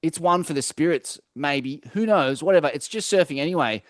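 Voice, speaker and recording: Aussie guy rambling thru a surf story, swears a lot, bit high pitched, dead dry sound. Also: brisk, dry recording. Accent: Australian. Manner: loose, sweary storytelling with many fillers. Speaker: podcast co-host. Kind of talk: casual chat.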